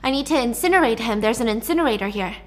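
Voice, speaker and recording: A woman voicing a cold, scheming young woman captive who speaks in a calm, hushed, coaxing way while retelling a story. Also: on the high side, quick pace, close to an everyday voice.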